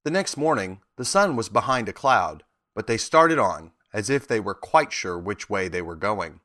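A man reading a children's storybook aloud with expressive narration. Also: on the low side, moderate pace. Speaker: reader.

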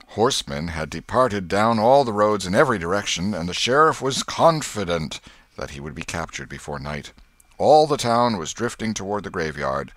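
A man with a very low voice narrates a classic novel, his pitch swinging widely as he dramatizes the scene. The reading is expressive and storybook-like. The recording is dry and close with no room sound. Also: no room sound. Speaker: audiobook narrator.

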